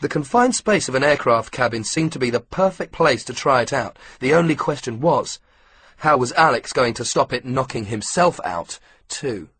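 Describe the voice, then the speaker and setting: A man narrating an audiobook in a steady, measured storytelling manner. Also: medium pitch, a little hiss or hum. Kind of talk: scripted narration.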